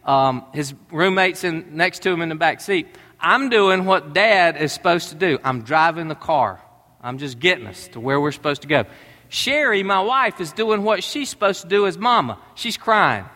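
Bright-voiced preacher, echoing hall. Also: male voice, fairly high pitch, lively intonation, normal speed. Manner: conversational, storytelling preacher. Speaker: pastor. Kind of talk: sermon.

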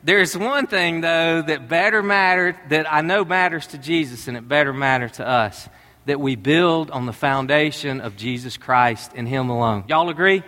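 A man's voice: on the high side, normal speed, pushed and bright, in a large hall. A middle-aged man, preaching a conversational sermon and telling stories to his congregation. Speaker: pastor.

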